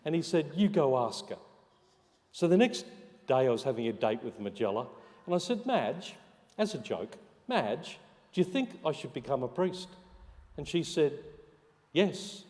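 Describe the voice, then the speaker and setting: A priest preaches a storytelling homily in a mellow, warm voice. He often drops to a soft hush to stress a point. His voice carries a long church reverb. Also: mid-range voice, very animated, normal speed. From Australia. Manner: storytelling, dropping to soft hushed emphasis. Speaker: parish priest.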